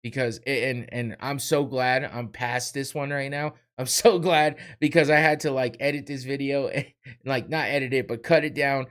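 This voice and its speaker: A podcast host with a mid-range, fairly bright voice delivers a heated, profane rant, swearing bluntly and letting out short laughs. His intonation stays fairly even and his pace is moderate.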